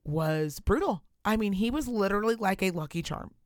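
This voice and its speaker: A young adult woman co-hosting a podcast in casual chat, an animated storyteller who swears freely. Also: mid-range voice, moderate pace, no room sound, clean studio sound. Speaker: podcast co-host.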